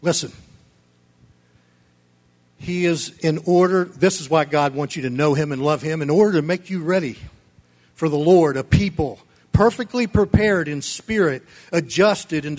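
High-voiced, fervent male preacher. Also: a little slow. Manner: fervent, emphatic preaching that swells to near-shouting; folksy, with chuckles and asides. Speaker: pastor. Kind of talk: sermon.

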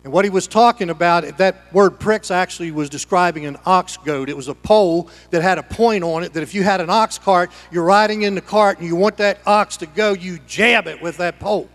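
Male pastor, high voice, dynamic preaching style, loud then hushed, long hall reverb. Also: brisk, few pauses. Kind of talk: sermon.

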